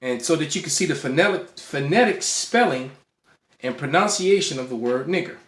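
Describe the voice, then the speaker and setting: A man's voice: on the high side, expressive, normal speed, a bit bright. A man teaching to a camera in a casual way, often restarting words and checking in with "all right". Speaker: bible teacher. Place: indoor room. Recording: roomy echo.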